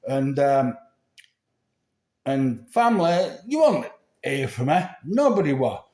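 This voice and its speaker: A man's voice: medium pitch, big pitch swings, slow, dark tone. A man in his sixties from England, delivering a rambling, sweary monologue to camera and constantly checking in with the listener. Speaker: vlogger. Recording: echoey room.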